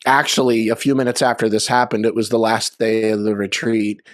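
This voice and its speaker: A man's voice: fairly low pitch, level tone, fairly quick, dry recording, studio quality. A man sharing loose, conversational anecdotes at a memorial over a video call, with lots of fillers. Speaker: memorial speaker. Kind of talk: storytelling at a memorial.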